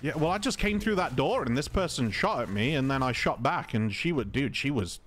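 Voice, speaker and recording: A man from England with an English accent, calmly talking through a video game in casual commentary, polite and chatty. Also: medium pitch, fairly quick. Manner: calm, conversational, polite even when insulted. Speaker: gaming video host.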